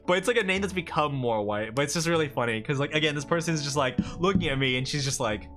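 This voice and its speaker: A chatty male streamer rambles through casual livestream talk and laughs often. His voice is bright and forward. Soft guitar music plays faintly behind him. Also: fairly high pitch, animated, a little fast.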